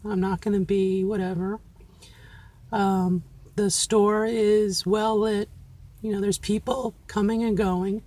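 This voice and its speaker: A woman's voice: mid-range voice, level tone, slow, warm tone. A middle-aged woman talking candidly to viewers in a casual vlog, using a feminine voice she has trained and places with care. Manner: candid and self-encouraging, talking straight to viewers. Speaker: vlogger. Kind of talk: casual reflective monologue.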